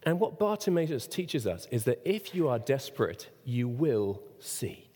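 A man preaching a sermon, who asks the congregation questions and sometimes breaks into a shout. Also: medium pitch, measured pace, breathy edge. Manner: expressive preaching, rhetorical questions, sudden shouts. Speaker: pastor. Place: church. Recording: long reverb of a church hall.

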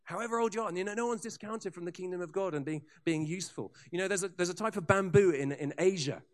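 Man, preacher, sermon, high-pitched, animated storytelling, casual asides. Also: fast.

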